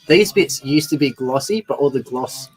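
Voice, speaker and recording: A man's voice: medium pitch, lively intonation, moderate pace, soft background music. A man co-hosting a radio show, cheeky and playful, boasting in jest. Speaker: radio co-host. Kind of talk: casual radio banter.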